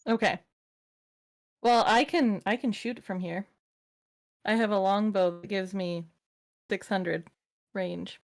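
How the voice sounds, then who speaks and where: A woman's voice: mid-range voice, steady tone, slow pace, pauses often. A woman playing in a casual tabletop game, playful and chatty. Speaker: player.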